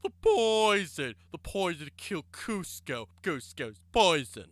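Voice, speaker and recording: A man imitating a dim, cheerful, big male cartoon henchman with a dopey, low mumble. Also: very animated, slow pace, fairly bright tone, no room sound, exaggerated voice.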